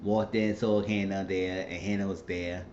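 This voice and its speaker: A man casually recapping a TV drama episode, animated and profane, acting out what the characters say. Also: low voice, normal speed, dull audio, slight background noise. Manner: animated retelling, frequent cursing, acts out characters' lines. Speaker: TV episode reviewer.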